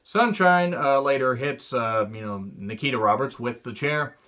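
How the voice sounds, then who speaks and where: Man, from the United States, casual review monologue, blunt and profane, sarcastic asides, bright forceful tone. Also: mid-range voice, moderate pace, muffled recording. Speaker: wrestling show reviewer.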